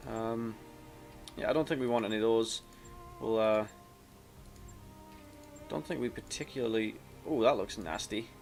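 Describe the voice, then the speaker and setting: A man's voice: on the low side, a little slow, gravelly, pauses often, a little mellow, faint music behind. A man casually commenting while playing a video game, reading its story text aloud in a rambling, self-mocking way with many restarts. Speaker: let's play commentator.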